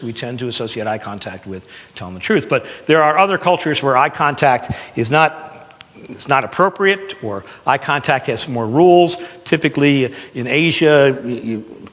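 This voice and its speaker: A man coaching an audience on presenting, talking in a lively, conversational way and stressing words to make his points. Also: mid-range voice, big-room sound. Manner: animated, conversational, demonstrates with emphasis. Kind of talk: live seminar talk.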